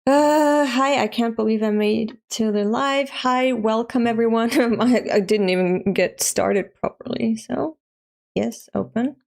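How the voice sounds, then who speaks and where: A woman in her thirties from Europe talks to her live stream in a loose, chatty way. She laughs often and swears offhand. Her voice carries a gravelly fry. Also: on the high side, fairly even intonation, a little slow. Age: 30s. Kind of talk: casual live-stream chat.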